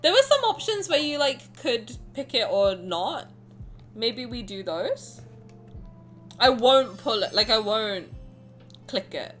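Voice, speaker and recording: A young woman streaming a game who reads the story aloud and gushes between lines. Her voice sits fairly high and swings widely, and she giggles often. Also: slow, pauses often, soft background music. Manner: giggly, animated, gushing. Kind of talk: reading game text aloud and chatting.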